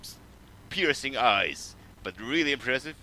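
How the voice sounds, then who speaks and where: A man's voice: medium pitch, expressive, a little slow, sharp tone, a little hiss or hum, low-quality recording. A man in a casual podcast chat over a voice call, making dry, wry remarks. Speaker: podcast co-host.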